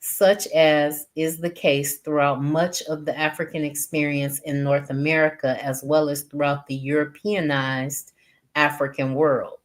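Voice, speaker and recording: A woman with a low voice reads a text aloud slowly, pausing between phrases and adding her own comments as she goes. Her delivery is unhurried and deliberate. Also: level tone. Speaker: reader and teacher.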